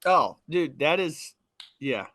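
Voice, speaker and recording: A young man co-hosting a podcast, telling lively stories and mimicking his old coaches. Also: on the high side, slow. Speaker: podcast co-host. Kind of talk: casual chat.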